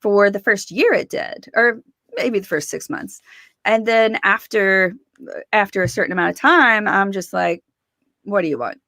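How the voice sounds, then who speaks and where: A woman in her forties talks through her story as an interview guest, her mid-pitched voice carrying a gravelly edge. She slips into the voices of the people she quotes and laughs as she goes. The recording is dry and close. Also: unhurried, dry recording. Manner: animated, acts out quoted voices, laughs often.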